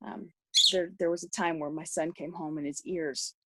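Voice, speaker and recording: A woman's voice: lowish voice, steady tone, moderate pace, background noise. A middle-aged woman, a podcast guest, telling a personal story in a rambling way with many restarts.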